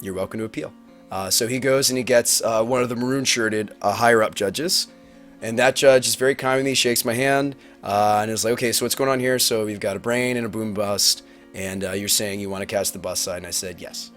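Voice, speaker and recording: A man telling a tournament story on a livestream, rambling and animated, acting out quotes with big swings in his voice. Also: fairly low pitch, a little fast, soft background music. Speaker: Magic player recapping a tournament on a livestream. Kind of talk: casual storytelling to a stream audience. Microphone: webcam mic.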